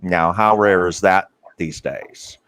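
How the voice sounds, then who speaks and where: Deep-voiced male interview host. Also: steady tone, slow, fairly bright tone, clean tone, dry recording. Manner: earnest, with frequent fillers and restarts. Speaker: podcast host. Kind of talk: interview conversation.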